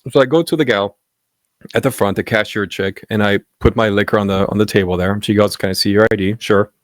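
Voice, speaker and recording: A man's voice: lowish voice, fast talker, no room sound, clean studio sound. A man who grew up in Alaska, telling stories in a casual podcast chat and acting out the voices of people in them. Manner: animated storyteller, acts out voices in quotes. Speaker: podcast guest.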